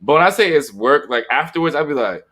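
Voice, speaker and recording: A young man talking candidly in a casual podcast chat, animated and acting out what he would say. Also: a little high, quick pace, a little hiss or hum. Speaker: podcast co-host.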